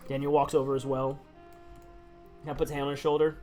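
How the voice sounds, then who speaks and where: A male game master narrating a tabletop game on a live stream in a casual, chatty way. His voice sits a little high for a man, he laughs often and restarts his sentences, and soft guitar music plays quietly behind him. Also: completely flat delivery, fast talker.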